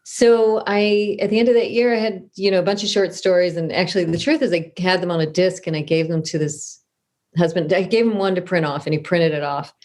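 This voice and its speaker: A woman's voice: on the low side, fairly even intonation, brisk, a little mellow. A middle-aged woman from Southern California, an author telling stories in a casual interview, chatty and self-deprecating with many restarts. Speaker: author guest. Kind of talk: conversational interview storytelling.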